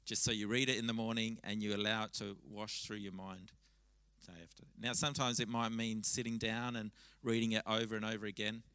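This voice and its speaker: Bright-voiced man preaching a conversational sermon. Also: on the low side, brisk, dry recording, rough recording. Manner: conversational, animated storytelling with frequent restarts. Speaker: pastor. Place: church service.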